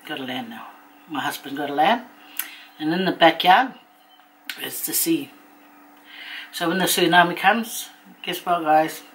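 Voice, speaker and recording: Chatty New woman, lowish voice. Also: a bit bright, slight background noise, low-quality recording. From New Zealand. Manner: chatty, rambling, laughs often. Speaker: vlogger. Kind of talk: casual chat while eating on camera.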